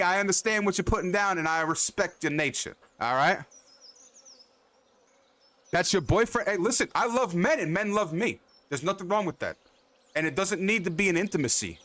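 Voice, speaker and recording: A man's voice: sits high, pushed and bright. Rambling, cursing man streaming games. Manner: loose, rambling, swears freely, repeats himself; addresses viewers by name. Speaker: livestream host. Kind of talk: casual chat with live chat.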